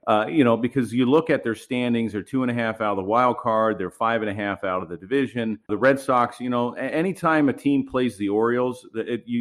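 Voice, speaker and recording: A former player, a man, breaks down the pennant race in loose casual sports talk. He rambles and restarts his sentences, and gets animated as he goes. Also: fairly low pitch. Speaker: former baseball player, co-host.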